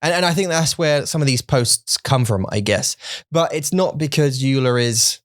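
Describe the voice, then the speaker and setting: A man's voice: medium pitch, animated, normal speed, no echo, studio quality. A man co-hosting a podcast in casual chat, rambling with many restarts and joking, dropping Mandarin phrases into his English. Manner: joking, self-deprecating. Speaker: podcast co-host.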